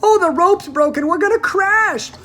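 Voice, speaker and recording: A woman reading aloud, voicing a shrill, panicky middle-aged mother. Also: normal speed, fairly bright tone, a little hiss or hum. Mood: panicked.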